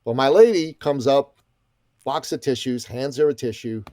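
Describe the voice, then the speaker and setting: A man's voice: medium pitch, normal speed, warm tone, no echo. A middle-aged man guesting on a podcast, telling a story with energy, emphasis and folksy asides. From Iranian background. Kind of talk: animated storytelling.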